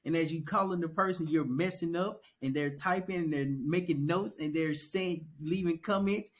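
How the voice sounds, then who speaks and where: Young male podcast guest, slightly high voice, animated and repetitive storyteller. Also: normal speed. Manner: animated storytelling, repeats phrases for emphasis. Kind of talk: casual conversation.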